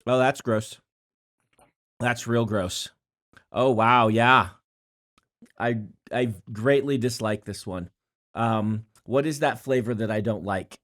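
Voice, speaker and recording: A middle-aged man co-hosting a podcast in casual chat, with playful banter full of quick self-corrections. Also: medium pitch, fairly bright tone. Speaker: podcast co-host.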